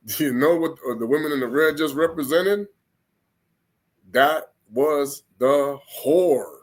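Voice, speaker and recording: A man preaches in a loose, conversational way, his voice sitting a little high for a man. He rambles, restarts his sentences and repeats words as he goes. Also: slow pace. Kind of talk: informal spoken sermon.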